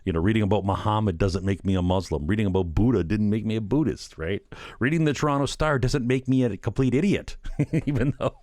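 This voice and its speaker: A man's voice: lowish voice, brisk, a little mellow, dry recording, studio quality. A man hosting a solo talk show, rambling casually, peppering his talk with "you know" and "right?" and chuckling at his own remarks. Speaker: podcast host.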